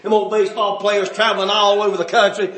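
A man preaching a folksy revival sermon, telling stories and building up to shouts. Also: high-pitched, little pitch movement, fast talker, very echoey, recorded from a distance. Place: church sanctuary.

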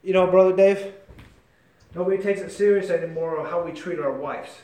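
Man, preacher, impassioned sermon, high voice, loud-to-hushed swings, echoey church room. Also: brisk. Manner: impassioned, swings between shouting and near-whispering; addresses listeners by name.

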